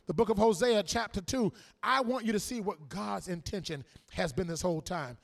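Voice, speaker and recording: A man preaching a sermon, swinging between shouted, sing-song emphasis and quiet, conversational asides. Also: sits high, normal speed, vocal fry.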